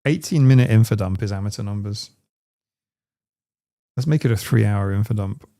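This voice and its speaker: A man's voice: on the low side, moderate pace, warm tone. A man hosting a live stream, chatting casually in a rambling, digressive way. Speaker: streamer host.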